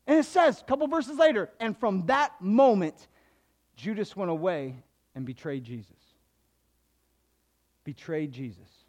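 Male pastor, high-pitched, animated sermon delivery with dramatic voice swings. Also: moderate pace. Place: church hall before a congregation.

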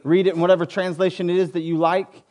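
High-voiced man preaching a sermon. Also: flat delivery, fast talker. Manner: prays softly, then preaches with rising intensity. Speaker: pastor. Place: church sanctuary.

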